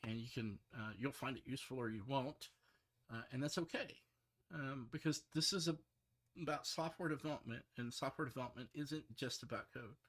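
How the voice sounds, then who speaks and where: A middle-aged man, a software developer, talking casually and rambling, frustrated, with many restarts and fillers. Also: mid-range voice, brisk. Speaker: software developer streaming his work.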